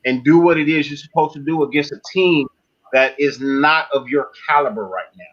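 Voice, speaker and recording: A laid-back man hosts a casual sports stream, his voice sitting a little high for a man. His talk comes through dull and lo-fi, and he keeps checking in with "you know what I mean.". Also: a little fast, a bit bright. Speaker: live stream host.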